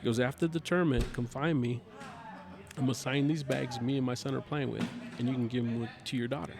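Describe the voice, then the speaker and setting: A man with a gravelly, rough-edged voice at an ordinary middle pitch, talking as a guest on a chat show. He tells his story in a lively, chatty way and slips into the voices of the people in it. Music plays clearly behind him. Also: brisk. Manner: animated, chatty storyteller who acts out dialogue. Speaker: podcast guest, cornhole player.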